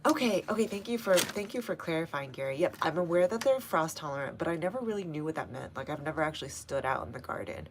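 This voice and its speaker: Talking fast with hardly any pauses, a young woman from North Texas hosts a casual gardening live stream outdoors in her front garden, over background noise. Her low voice has lively intonation and a Texan accent, and she chats easily, laughs frequently and responds to viewers by name.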